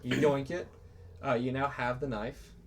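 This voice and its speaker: Halting man running a tabletop game. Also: mid-range voice, little pitch movement. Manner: casual, halting, many fillers. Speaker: game master.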